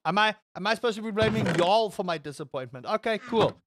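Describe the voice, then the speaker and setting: High-voiced sarcastic male game streamer. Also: lively intonation, fast, noisy background. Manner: sarcastic, rambling, full of stammered fillers. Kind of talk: casual live-stream chat with viewers.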